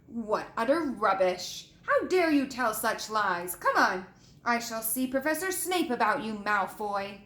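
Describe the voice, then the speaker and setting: A woman's voice: on the high side, big pitch swings, measured pace, fairly bright tone. A woman voicing a strict older female teacher who scolds sharply, recorded in an echoey room. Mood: stern. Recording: echoey room with faint ambience.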